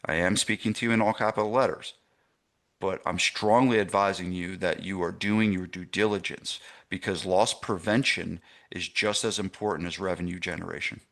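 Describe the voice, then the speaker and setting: A man's voice: low voice, fairly even intonation, moderate pace, a bit bright. A middle-aged man teaching a live online masterclass for gym owners, stressing points and checking in with his audience. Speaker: gym business coach.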